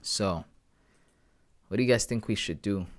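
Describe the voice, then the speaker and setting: A young man hosts a live trading stream in an easy, casual way. He thinks out loud and keeps talking straight to his chat, calling them guys and bro. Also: lowish voice, measured pace. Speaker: trading livestream host.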